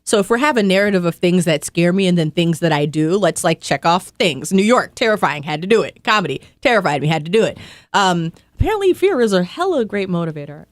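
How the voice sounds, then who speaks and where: A young woman guest in a casual interview, telling stories in an animated, playful way with comic asides. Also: on the low side, brisk, dry recording. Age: young adult. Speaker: podcast guest.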